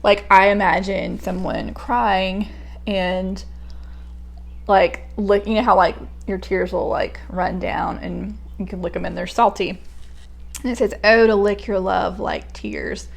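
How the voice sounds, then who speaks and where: A young woman talks through a poem at a slow, unhurried pace, thinking aloud with plenty of fillers and false starts. Her voice has a gravelly, creaky edge, and she sounds casual rather than scripted. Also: medium pitch. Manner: thinking aloud, hesitant, many fillers and restarts. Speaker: poetry reader and commentator. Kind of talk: casual spoken poetry analysis.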